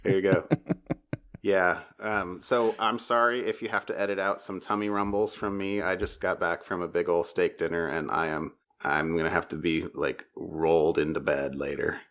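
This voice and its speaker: A man with a low voice hosts a casual podcast chat. He rambles and laughs often as he talks. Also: steady tone, moderate pace, fairly bright tone. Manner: laughing, rambling, self-deprecating. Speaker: podcast host.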